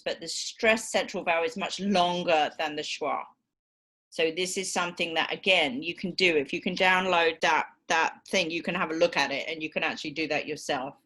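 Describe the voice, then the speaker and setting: Speaking with a British accent, this woman lectures at a university in a fairly low, slightly bright voice. She explains patiently, with frequent ums and okays.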